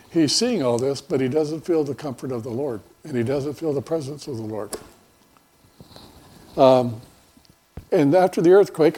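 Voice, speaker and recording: Husky-voiced folksy pastor. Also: male voice, a little high, a little mellow. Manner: folksy, rambling, with many fillers and restarts. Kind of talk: conversational sermon.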